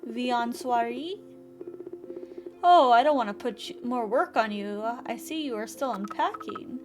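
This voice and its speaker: A woman's voice: fairly high pitch, expressive, a little slow. A woman voicing a polite older male cinema owner in a put-on, inconsistent French accent, over game music. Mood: courteous. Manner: courteous, formal phrasing.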